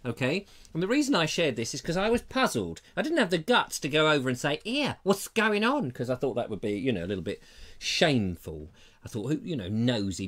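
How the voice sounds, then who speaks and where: Man hosting a comedy chat show at home, bouncy lively voice, a bit higher pitched, jokey asides to the viewers. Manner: playful, theatrical asides to the audience. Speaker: comedy talk show host. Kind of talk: live-streamed comedy chat. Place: terraced house, indoors.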